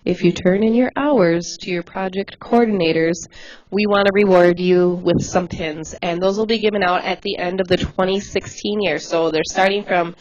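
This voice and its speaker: A woman volunteer coordinator talking casually and quickly to volunteers, chatty and laughing easily. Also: fairly low pitch, fairly even intonation, a little mellow, lo-fi sound. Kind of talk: casual livestream address.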